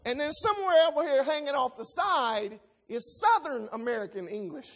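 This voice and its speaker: A preacher works through a Bible passage in an expository sermon, reading it aloud and emphatically explaining each line. The voice sits high and is expressive, at normal speed.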